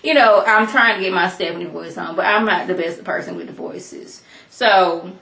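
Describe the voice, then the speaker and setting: A woman's voice: fairly low pitch, normal speed, gravelly, sharp tone. A woman giving a casual, opinionated recap of a TV episode, talking it through with lots of asides. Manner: chatty, opinionated, storytelling with asides. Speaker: TV episode reviewer. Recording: echoey room.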